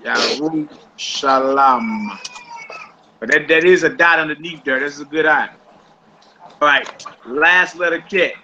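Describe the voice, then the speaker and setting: A man's voice: fairly high pitch, normal speed, pushed and bright, a little hiss or hum, rough recording. A man teaching a casual group Hebrew lesson, patiently repeating words for his students and using slang.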